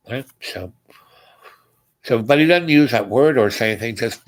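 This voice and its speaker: Low-voiced man telling a rambling story. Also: animated, rough recording. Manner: meandering, halting, acts out the dialogue. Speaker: host.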